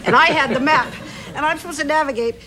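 A woman from Toronto, a talk-show guest telling an anecdote in a lively way, laughing often. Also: high-pitched, quick pace, crowd noise. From Toronto, Canada. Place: TV studio with audience. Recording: old VHS tape with audience noise.

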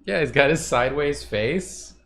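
A man chatting casually on a stream while drawing, relaxed and easygoing. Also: fairly high pitch, moderate pace, vocal fry. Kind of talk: casual chat.

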